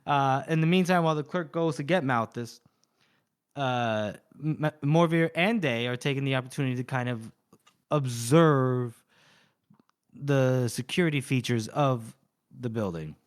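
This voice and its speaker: A man's voice: medium pitch, unhurried, clean tone. A man co-hosting a podcast, casually retelling a story and acting out the quoted lines. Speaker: podcast co-host recapping a novel. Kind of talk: casual chat.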